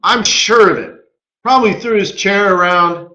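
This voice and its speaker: A man hosting a live trading webinar, animated and full of rhetorical questions. His voice is bright and fairly high for a man. The room echoes noticeably around him. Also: normal speed, lo-fi sound. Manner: animated, rhetorical, keeps asking "right?". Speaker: market strategist hosting a webinar.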